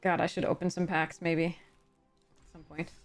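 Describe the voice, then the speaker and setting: Over soft background music, a woman with a lowish, level voice speaks unhurriedly as she drafts cards on a casual stream. A little tired but chatty, she muses aloud about her picks and greets chat warmly.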